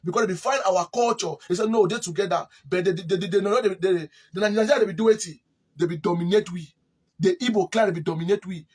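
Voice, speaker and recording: A man from Cameroon talks in a Cameroonian Pidgin English accent, telling a long, loose history account. His voice sits high and sounds breathy and husky. He often stalls and repeats words while he hunts for the next one. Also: quick pace. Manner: rambling, repeats words when searching. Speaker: interviewee. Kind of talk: casual spoken history account.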